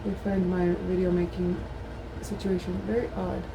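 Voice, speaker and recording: A woman's voice: lowish voice, little pitch movement, normal speed, noisy background. A woman vlogger chatting casually at home while doing her makeup. She is a mother of a toddler who rambles, swears freely and mocks herself. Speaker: beauty vlogger.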